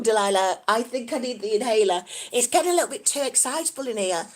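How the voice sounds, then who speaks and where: Woman vlogger from the UK, live chat, high and very animated, giggly and excitable. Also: fast, few pauses. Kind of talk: casual live-stream chat.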